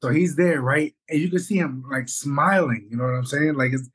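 A man co-hosting a podcast, telling a story in an animated, rambling way and swearing often. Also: fairly high pitch, fairly quick, husky. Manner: animated, rambling, swears, says "bro" and "you know what I'm saying". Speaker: podcast co-host. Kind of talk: casual storytelling chat.

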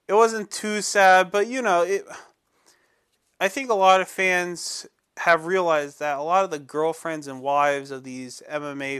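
A man's voice: a little high, a bit bright, clean tone. A man hosting a casual commentary show, sharing strong opinions in a rambling way with frequent restarts. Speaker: host.

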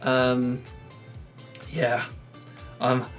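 A man's voice: medium pitch, completely flat delivery, extremely slow, a bit bright, faint music behind. A man from England chatting casually on a podcast, rambling and laughing often. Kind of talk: casual chat. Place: shed studio.

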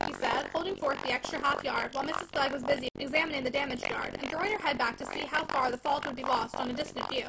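Lively, gravelly woman reading a novel. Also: high-pitched, fast talker. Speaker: audiobook reader. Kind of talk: reading a classic novel aloud. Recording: loud background noise.

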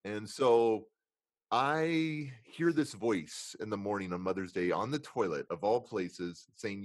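A man's voice: slow, no echo. Earnest middle-aged man telling his story. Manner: earnest, emotional, drops low and quiet on painful parts; acts out inner dialogue in different tones. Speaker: guest sharing his life story. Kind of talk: candid personal storytelling in conversation.

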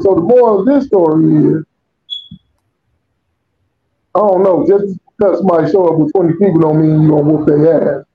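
A man with a high voice tells a long story on a casual podcast. He is profane and animated and acts out every quote. The recording sounds dull and lo-fi. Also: brisk. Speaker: podcast co-host. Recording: dull lo-fi audio.

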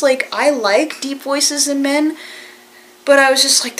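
A woman's voice: high voice, moderate pace, a bit bright, slight background noise, low-quality recording. A woman vlogger in casual chat, rambling earnestly and reassuringly with many filler phrases.

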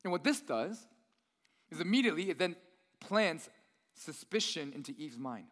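High-voiced young pastor in a reverberant hall. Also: male voice, sing-song, normal speed, fairly bright tone. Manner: conversational preaching, acts out tempter's voice. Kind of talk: sermon.

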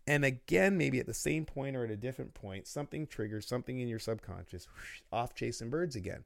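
A man talking as a guest in a casual interview, telling lively stories about business and laughing often. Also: mid-range voice, brisk, gravelly, no echo, studio quality. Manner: storytelling, animated, laughs often.

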